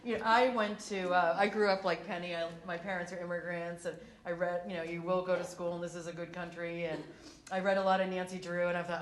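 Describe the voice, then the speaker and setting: A woman's voice: lowish voice, a little fast, roomy sound. A woman on a discussion panel, telling work stories and laughing often as she talks. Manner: animated, laughs through her stories. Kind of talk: storytelling on a panel. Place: conference hall.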